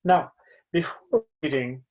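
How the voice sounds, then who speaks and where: A man with a Chilean Spanish accent giving a university lecture on reading aloud, with frequent fillers and pauses. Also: on the high side, animated, a little mellow. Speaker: university English teacher. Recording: dull lo-fi sound.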